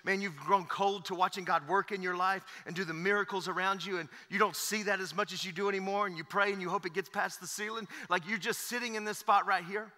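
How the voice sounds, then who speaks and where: A man's voice: sits high, steady tone, quick pace, hardly any pauses, sharp tone. A pastor in his thirties preaching a sermon in a church, emphatic and repetitive, with many fillers. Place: church sanctuary. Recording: echoey church hall.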